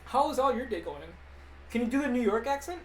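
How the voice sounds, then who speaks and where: A young man rambling casually on a livestream, reading viewer questions aloud and answering them into a desk mic that clips when he gets loud. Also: very high-pitched, lively intonation, a little fast. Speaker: livestreaming animator.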